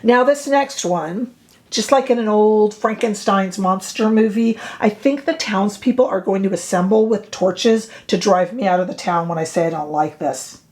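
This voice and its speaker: A woman's voice: medium pitch, normal speed, a little mellow. Chatty opinionated woman reviewing makeup. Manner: chatty, opinionated, playfully dramatic asides. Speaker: beauty reviewer. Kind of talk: casual product review vlog.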